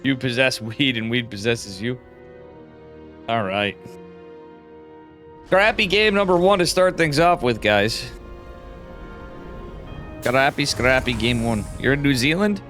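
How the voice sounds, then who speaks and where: A tired man doing casual solo live commentary on an esports match, chatty and laid-back, getting louder and quicker when fights break out. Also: mid-range voice, lively intonation, soft background music. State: tired, yawning.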